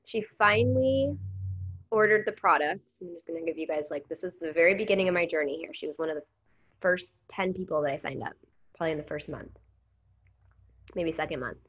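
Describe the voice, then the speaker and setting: Animated woman telling a story. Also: low voice, fairly quick, pauses often, muffled recording. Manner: animated storytelling with quoted dialogue. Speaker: network marketing trainer. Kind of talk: casual training talk.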